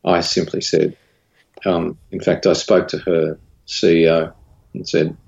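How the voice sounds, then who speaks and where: Man, low gravelly voice, husky, candid interview guest, muffled lo-fi audio. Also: measured pace. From Australia. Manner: candid, recounts dialogue with rising animated pitch. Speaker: guest, studio owner and creative director. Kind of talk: casual interview storytelling.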